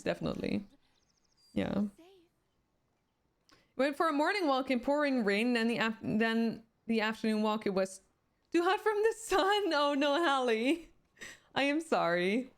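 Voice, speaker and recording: A woman with a Swedish accent, a native Swedish speaker who streams games and chats casually, reading viewer comments aloud and answering them. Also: on the high side. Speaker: game streamer. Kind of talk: casual chat with live viewers.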